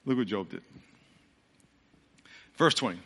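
A pastor preaching a sermon. He tells the story dramatically and acts out the voices, then drops to a low, earnest hush. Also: expressive, unhurried. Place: large church sanctuary. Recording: church hall with long reverb.

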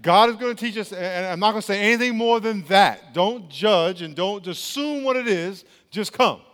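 A man's voice: high voice, normal speed, fairly bright tone, big-room sound. A man preaching a sermon as pastor, speaking emphatically and quizzing the congregation with questions.

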